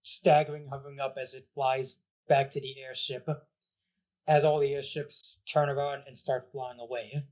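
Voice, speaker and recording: A man's voice: medium pitch, flat delivery, normal speed, a little mellow. A man narrating as game master in a tabletop game, in a loose, casual way full of "like"s. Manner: casual, filler-heavy narration with many "like"s.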